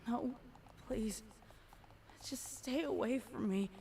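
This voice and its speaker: A woman narrating an audio drama as a young pony mare overcome by guilt, speaking in a halting, stammering way. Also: fairly high pitch, vocal fry, warm tone, a little hiss or hum. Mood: shaken.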